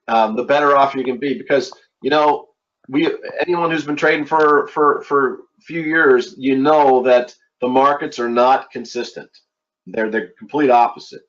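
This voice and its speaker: Teaching trading in a laid-back webinar, this middle-aged Philadelphia man, from the U.S. East Coast, stumbles along with repeated words and frequent fillers. His pitch is medium, and the sound comes through as dull, low-fidelity online audio.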